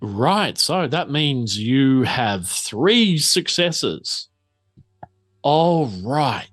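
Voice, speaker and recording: Slow-talking man running the game. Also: medium pitch, very animated, a bit bright. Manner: unhurried, drawn-out explanations with fillers. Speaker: game master. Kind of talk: narrating a tabletop game.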